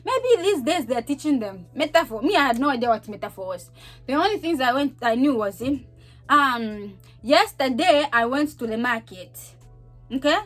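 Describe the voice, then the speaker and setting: A young woman with a Zambian accent tells stories to camera in a high, bright voice that leaps up and down. She laughs often and slips into quick impressions of other people. Soft music plays faintly behind her. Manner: animated, laughing, acts out voices. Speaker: vlogger. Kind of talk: casual storytelling to camera.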